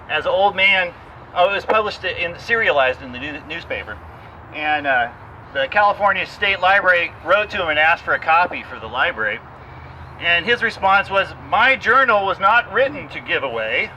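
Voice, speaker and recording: A man's voice: high voice, sharp tone, a little hiss or hum, poor audio. A man reading a comic poem aloud with theatrical flair, then talking as a guide on an outdoor tour. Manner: theatrical recitation, laughing at the verse. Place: outdoors in a cemetery.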